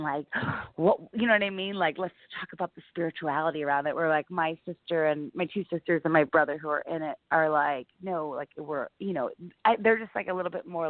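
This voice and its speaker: A young woman comedian telling stories in a casual interview, chatty and animated, full of "like" fillers. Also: low-pitched, dry recording. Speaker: comedian guest. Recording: tinny phone-like line, dry.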